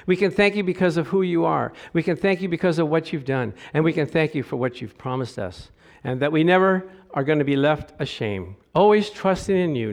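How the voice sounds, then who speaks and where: A middle-aged pastor preaches a sermon with lively, animated energy, his voice high for a man and growing louder as he reads scripture. Between verses he slips into easy, joking asides.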